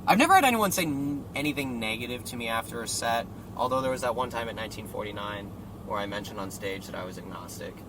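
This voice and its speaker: A young man chats in a car as a guest comedian, his voice sitting at an ordinary male pitch. He tells lively anecdotes, acts out the other people in them and swears freely. Steady car and street noise runs under everything. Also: quick pace. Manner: animated storyteller who acts out quotes and swears freely. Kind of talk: casual chat in a moving car. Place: inside a car driving through a city.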